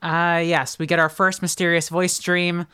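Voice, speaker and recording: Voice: medium pitch, flat delivery, normal speed, pushed and bright, clean tone, dry recording. A podcast co-host in casual chat, making dry, joking asides.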